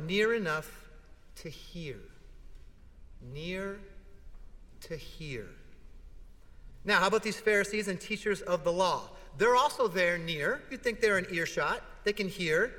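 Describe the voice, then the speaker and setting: Speaking a little slowly with long pauses, a preacher whose voice sits high delivers a sermon in a big church sanctuary. He tells stories with animation and asks rhetorical questions, his words echoing through the hall.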